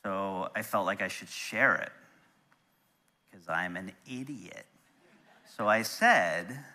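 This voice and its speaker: Bright-voiced preacher telling a story. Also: male voice, deep voice, slow, long pauses. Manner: animated, drops soft and quiet when moved. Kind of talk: storytelling sermon.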